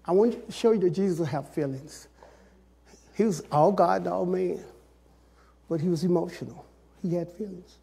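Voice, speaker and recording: A man preaching a sermon as pastor, talking straight to the congregation in a colloquial way, dropping to soft, drawn-out phrases and then rising to shouted climaxes. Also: sits high, vocal fry, breathy edge. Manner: colloquial, addresses the congregation directly.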